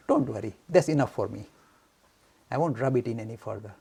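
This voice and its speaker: A man lectures students in a frank, forceful way. His voice is gravelly and husky. His pitch rises and falls with lively animation. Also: fairly quick. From India. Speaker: lecturer on Hinduism.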